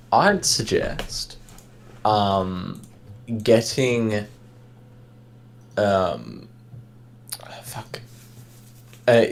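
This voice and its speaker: A man's voice: on the low side, darkish tone. A man in casual chat on a stream, joking, swearing and laughing often.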